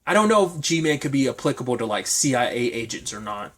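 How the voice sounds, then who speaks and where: A man's voice: mid-range voice, big pitch swings, quick pace, fairly bright tone. A man reviewing a TV episode in a casual, rambling recap full of fillers and speculation.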